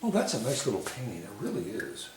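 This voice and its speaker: A man giving a painting lesson, talking himself through each stroke in an unhurried, self-commenting way. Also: medium pitch, wildly swooping pitch. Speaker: painting instructor. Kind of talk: painting demonstration. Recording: echoey room, mic at a distance, faint hiss.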